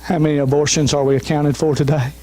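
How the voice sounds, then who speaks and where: A man's voice: on the high side, flat delivery, fast talker, mellow. A man, a pastor, preaching an emphatic sermon with repeated refrains. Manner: emphatic, repeats refrains, urges listeners to listen.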